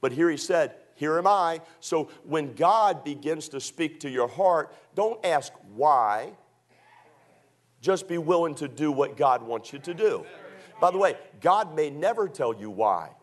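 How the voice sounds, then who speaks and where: A man's voice: on the high side, animated, a little slow. A male preacher delivering a sermon in an emphatic manner, repeating his points and acting out quoted voices.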